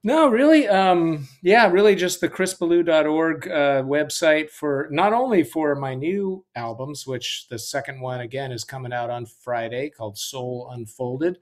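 A man's voice: fairly high pitch, unhurried, few pauses. A middle-aged man, a musician, talking as the guest in a casual interview, easygoing and full of fillers.

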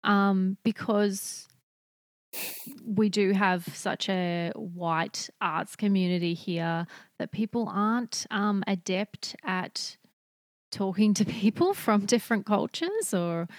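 A woman's voice: mid-range voice, slow pace, dry recording, clean studio sound. A woman hosting a casual interview, thoughtful and hesitant, with many fillers. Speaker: podcast host.

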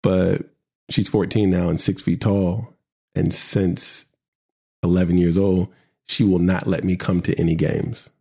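A middle-aged man hosting a podcast, telling a personal story with lively acted-out dialogue. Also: low-pitched, a little slow, creaky, husky. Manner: animated storyteller, acts out quoted dialogue. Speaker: podcast host. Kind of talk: conversational podcast talk, then reading a poem.

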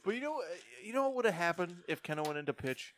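A man's voice: sits high, big pitch swings, quick pace, a bit bright. A man co-hosting a sports podcast, teasing his friends and laughing often. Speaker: podcast co-host. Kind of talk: casual sports podcast banter.

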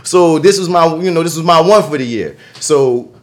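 A man's voice: fairly high pitch, moderate pace. Rambling young New man. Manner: loose, rambling, filler-heavy. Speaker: podcast co-host. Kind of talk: casual chat.

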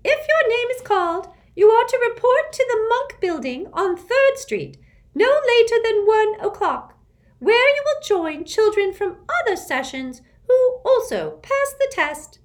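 A woman voicing a stiff, stern, thin female test administrator who gives sharp, clipped commands. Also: very high-pitched, big pitch swings, unhurried, pitched above the performer's own voice, exaggerated voice. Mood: commanding.

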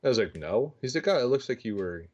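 A man's voice: mid-range voice, very animated, fast talker, very noisy. A man in his thirties chatting casually as a podcast co-host, rambling with lots of fillers and poking fun at himself. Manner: rambling, filler-heavy, self-mocking storyteller. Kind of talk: casual chat. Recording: dull lo-fi audio.

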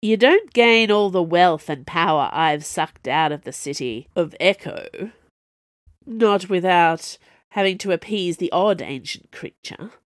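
A woman's voice: on the low side, expressive, a little slow, no echo, clean studio sound. A woman voicing a smarmy, wealthy, ruthless male villain in an audiobook, smug and drawling.

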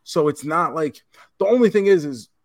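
A man's voice: fairly high pitch, expressive, moderate pace, no room sound, clean studio sound. A man co-hosting a podcast, telling a convention story in casual chat and swearing now and then. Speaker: podcast co-host.

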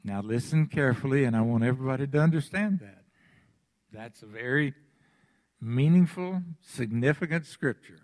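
A pastor preaching a sermon, emphatic and deliberate, repeating his phrases for weight. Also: medium pitch, darkish tone.

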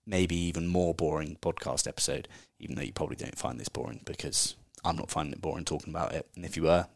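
Very deep-voiced man, chatty. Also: fast, gravelly, no room sound, studio quality. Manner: chatty, candid, swears casually. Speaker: podcast host. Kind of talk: casual solo podcast book review.

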